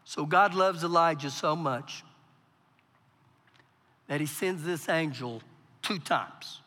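High, bright-voiced preaching man. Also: slow pace. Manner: preaching with big swings from quiet to loud. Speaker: pastor. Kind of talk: sermon. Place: church hall. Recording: live church hall with long reverb.

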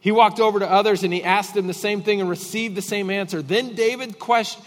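Emphatic high-voiced male preacher. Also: fairly even intonation, brisk, long reverb tail. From Texas. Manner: emphatic, repeats phrases for effect, swings loud and quiet. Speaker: pastor. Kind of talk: sermon.

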